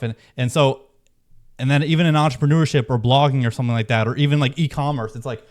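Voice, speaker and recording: A man's voice: mid-range voice, steady tone, fast. A man hosting his own video, talking casually and rambling with many restarts and fillers. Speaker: video host. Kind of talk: casual talk to camera.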